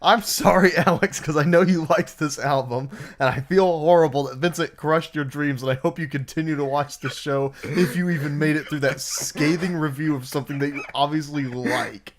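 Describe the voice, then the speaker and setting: A man's voice: a little high, steady tone, moderate pace, hardly any pauses. Easygoing, chatty male podcast co-host. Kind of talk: casual podcast chat.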